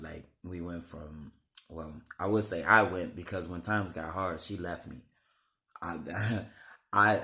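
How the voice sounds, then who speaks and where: A man in his thirties telling his life story to camera, halting and rambling with many restarts and blunt swearing. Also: sits low, pushed and bright. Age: 30s. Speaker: vlogger.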